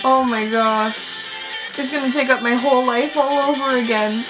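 High-voiced woman gasping at game reveals. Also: fairly even intonation, normal speed, over music. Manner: gasping, squealing and talking over the footage. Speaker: gaming YouTuber reacting to a showcase. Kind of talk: excited live reaction. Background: game trailer audio playing.

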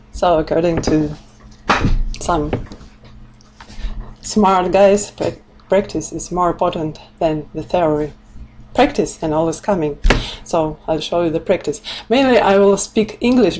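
A woman from Russia with a Russian accent, giving a live-streamed language lesson in English, nervous and excited, laughing often. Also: lowish voice, poor audio. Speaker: language teacher. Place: at home in Siberia. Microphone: phone or webcam camera.

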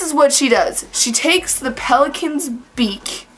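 A woman's voice: sits high, animated, normal speed, few pauses, fairly bright tone. A woman telling a story to her camera in a casual vlog, chatty and full of fillers. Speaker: vlogger.

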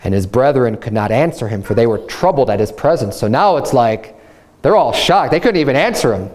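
A man's voice: mid-range voice, expressive, fairly quick, darkish tone. A man preaching a sermon in a loose, conversational way, often restarting his sentences. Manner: conversational Bible teaching with frequent restarts and "you know". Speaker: pastor.

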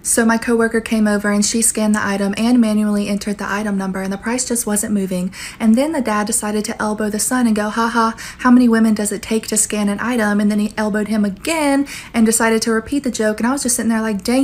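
Fast-talking sassy woman. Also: mid-range voice, fairly even intonation, a little mellow. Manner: sassy, quick storytelling. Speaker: cashier. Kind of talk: casual storytime.

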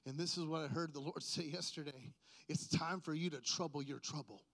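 A man with a high-pitched voice delivers a sermon. He moves between low, conversational talk and loud, stretched-out proclamations, teasing his listeners along the way. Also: steady tone, fairly quick. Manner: playful, jokes with the congregation. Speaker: preacher.

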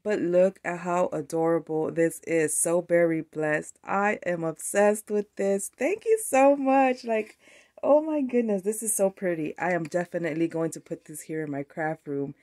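A woman with a slightly low voice gushes over craft mail on her vlog. She is excitable and sometimes teary. Her voice drifts nearer to and farther from the camera mic. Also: moderate pace, no room sound. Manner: gushing, excitable, tearful at times. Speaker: craft vlogger. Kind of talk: casual unboxing chat.

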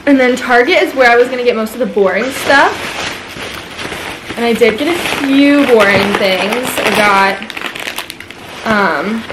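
A young woman vlogs from her apartment in a chatty, filler-heavy way. Her voice sits a little high. The room sounds echoey, and steady noise runs under her talk. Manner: chatty, many "like" fillers, talks to her dogs. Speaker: vlogger. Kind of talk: casual vlog chat to camera. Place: apartment at home. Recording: echoey room, noisy background.

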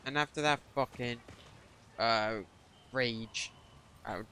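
A man's voice: medium pitch, takes it slowly, pushed and bright, a little hiss or hum. Irritated, swearing young man gaming. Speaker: gaming streamer. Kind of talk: frustrated gameplay commentary.

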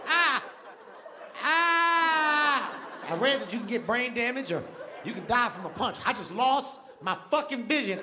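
Guy with a really high voice doing stand-up, super animated, yells a lot, faint room noise. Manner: animated, acts out voices and shouts. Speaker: stand-up comedian. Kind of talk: stand-up comedy storytelling. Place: large theater stage with audience.

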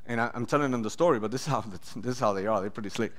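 A pastor telling his testimony in a sermon, animated, acting out voices and often laughing. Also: a little high, racing, few pauses.

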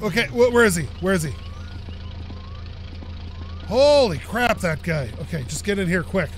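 A man giving casual gameplay commentary as a let's play host, excitable, swearing and yelling at the other drivers in the game. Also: high-pitched, normal speed. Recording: game engine noise under voice.

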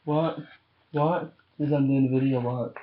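A man's voice: mid-range voice, steady tone, a little slow. A man in casual webcam chat, rambling and profane, recorded on a webcam mic. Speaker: vlogger. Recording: dull lo-fi webcam audio, faint hiss.

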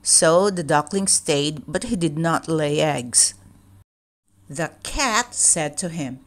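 A woman reading a children's storybook aloud in a calm, measured way. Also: sits low. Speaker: children's book reader.

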